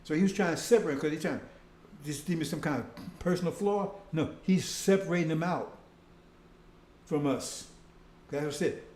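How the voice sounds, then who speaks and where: A man's voice: a little high, normal speed, long pauses, darkish tone. A man preacher giving a rambling sermon who keeps asking his listeners "see?" and "right?" and calls them brothers and sisters. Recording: roomy echo.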